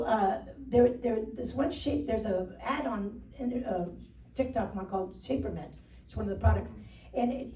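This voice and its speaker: A woman's voice: a little high, dark tone, echoey room, far from the mic. An older woman performing a rambling, self-deprecating stand-up routine on stage, often laughing at her own jokes. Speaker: stand-up comedian. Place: stage before a live audience.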